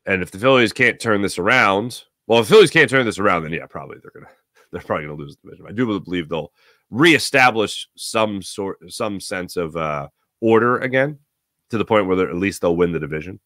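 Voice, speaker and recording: A man hosting a live morning sports talk show, giving opinionated, rambling takes with sudden animated bursts. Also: low-pitched, brisk, no echo, studio quality. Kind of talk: solo sports radio monologue.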